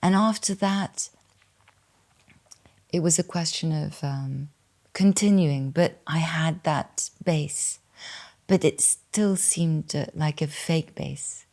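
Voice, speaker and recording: A French woman in her fifties speaks English with a refined, posh English accent. Her voice sits very low and carries a gravelly fry. She talks slowly and softly, with hesitant pauses. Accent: posh English with slight French. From France. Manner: soft, hesitant, many pauses. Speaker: guest. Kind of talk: reflective interview answers.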